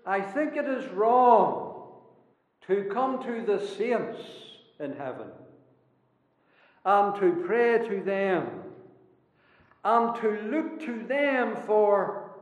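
A man preaching a sermon to a congregation, emphatic, with dramatic swings between quiet and loud passages. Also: high-pitched, lively intonation, extremely slow, pauses often. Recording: echoey hall, dull lo-fi sound.

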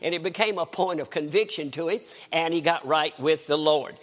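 An older man, preaching a sermon in a folksy, storytelling way with dramatic swings in pitch. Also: moderate pace, a bit bright. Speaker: guest preacher.

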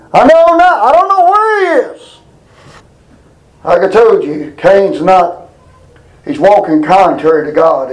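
Man, high voice, folksy preacher reading scripture with homespun asides. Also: darkish tone, roomy sound, rough recording. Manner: plainspoken, drawling, reads scripture aloud with asides. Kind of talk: folksy Bible sermon.

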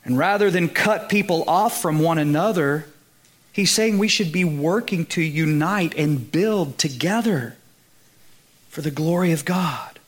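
High-voiced Southern preacher. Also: male voice, unhurried. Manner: conversational preaching, checks in with listeners, rises to emphatic peaks. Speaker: pastor. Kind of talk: sermon.

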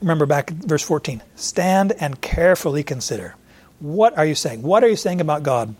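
A man preaching an expository sermon in a conversational way, pausing to search for verse numbers and now and then voicing imagined questions to a listener. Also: on the high side, animated, darkish tone, husky. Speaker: pastor.

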